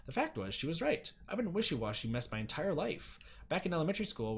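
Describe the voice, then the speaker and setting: A man's voice: medium pitch, breathy edge. A man streaming a visual novel, reading its narration aloud with jokey asides and casual commentary.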